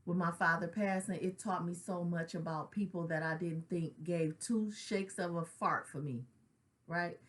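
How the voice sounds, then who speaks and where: With a lowish voice, fairly even intonation and a measured pace, a middle-aged woman opens up about her own grief as a counselor who has lost someone. She reflects in a casual, heartfelt way, leaning on slang and regularly asking "right?"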